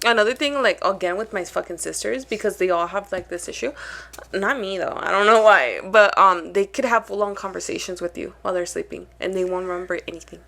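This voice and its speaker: A woman's voice: medium pitch, a little fast, vocal fry, fairly bright tone. A young woman co-hosting a podcast in casual, slangy chat, mixing Spanish phrases into her talk. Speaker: podcast co-host.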